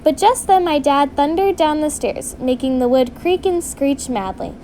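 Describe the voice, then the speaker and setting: A woman reading her own storybook aloud in an earnest, steady way. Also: high voice, normal speed, slight background noise.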